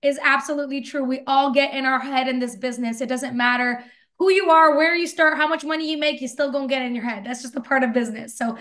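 A woman's voice: high-pitched, steady tone, quick pace, sharp tone. A woman hosting a webinar over a video call, gushing and effusive as she praises her guests. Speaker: webinar host.

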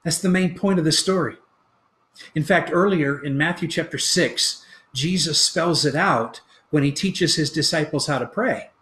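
A man preaching a sermon as pastor, retelling a story with lively acted-out quotes. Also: fairly high pitch, normal speed, echoey room. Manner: animated storytelling, acting out quoted lines.

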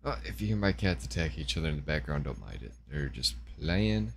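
A young man hosting his own gaming channel, giving relaxed, rambling commentary and thinking aloud as he plays. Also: a bass voice, fairly quick, gravelly, a little hiss or hum. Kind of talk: casual gameplay commentary.

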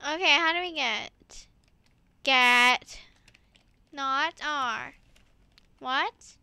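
A woman narrates her game in a high, piercing, very bright voice, veering from unhurried musing to squealing excitement and giggles. She speaks close to the mic in a dry, dead room with no echo. The delivery is playful commentary for viewers. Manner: excitable, squeals and laughs while playing. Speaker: gaming YouTuber.

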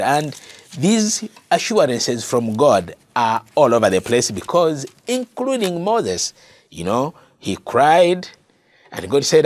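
Unhurried and sing-song, this man's fairly high voice carries a sermon-style Bible lesson in Ugandan-accented English. He's an earnest preacher who repeats key phrases for emphasis and addresses the audience as brother and sister, with no room sound.

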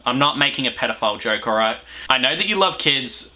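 Crude Australian reaction commentator. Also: male voice, mid-range voice, animated, quick pace, sharp tone. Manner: crude, mocking, rambling. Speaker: reaction video host.

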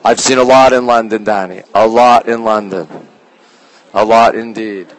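A man's voice: fairly even intonation, no room sound. Man live-streaming on a phone in a museum. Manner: reads artwork titles slowly, talks to chat by name; talks low at times to keep quiet. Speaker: livestream host touring a museum. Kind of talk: casual live-stream chat with viewers. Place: indoor art museum gallery.

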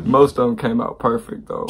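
Slangy, animated man vlogging. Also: mid-range voice, gravelly. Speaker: vlogger promoting his merch. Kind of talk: casual storytelling vlog.

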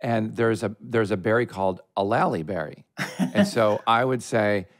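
Male co-host, lively swooping voice, dry close sound, excitable and gushing. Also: on the low side, no room sound. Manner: excitable, animated, quick to gush. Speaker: podcast co-host. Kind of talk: casual podcast chat.

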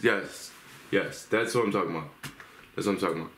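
Male reaction host, very low voice, casual musing commentary. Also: fairly quick, pauses often, sharp tone. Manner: musing, thinks aloud about lyrics. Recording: roomy echo with faint noise.

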